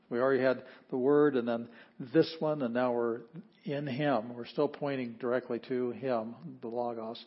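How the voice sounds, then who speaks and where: Man, Greek teacher, husky voice, mid pitch, explaining grammar slowly, sounding out words, dull lo-fi recording. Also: steady tone. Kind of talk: classroom lecture. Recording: dull lo-fi audio.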